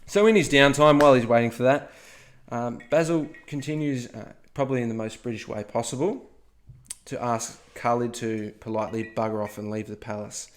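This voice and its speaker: A man's voice: medium pitch, fairly even intonation, a little fast. Playful man telling history casually. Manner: playful, jokey asides, frequent "okay?". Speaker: podcast co-host.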